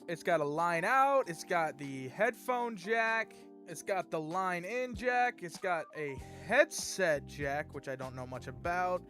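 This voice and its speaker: A man's voice: high voice, expressive, a little slow, a bit bright, soft background music. A young man hosting his own channel, chatting casually through an upbeat product review. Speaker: gear reviewer, channel host.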